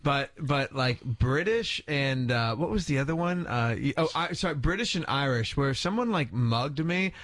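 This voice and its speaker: A man, chatting casually with his co-hosts on a studio mic. He is joking and self-deprecating, and he settles into steady prayer when he leads it. The sound is close and dry. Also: medium pitch, moderate pace, few pauses, dry recording. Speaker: radio co-host. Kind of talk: casual morning radio chat and led prayer. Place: radio studio. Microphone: studio microphone.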